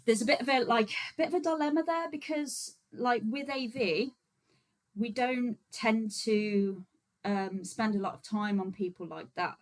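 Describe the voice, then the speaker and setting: A woman's voice: on the high side, unhurried, rough recording. A woman hosting a casual livestream, chatting easily with her viewers and stopping often for fillers and small laughs. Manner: chatty and relaxed, many fillers, frequent laughs. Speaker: vegan activist livestream host.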